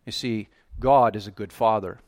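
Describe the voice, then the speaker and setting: A man preaching a sermon, animated and emphatic, often rising to loud, excited peaks. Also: lowish voice, moderate pace, no echo, clean studio sound. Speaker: pastor.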